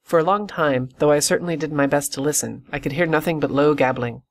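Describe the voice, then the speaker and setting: A man reading an audiobook in steady, measured scripted narration. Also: on the high side. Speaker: audiobook reader.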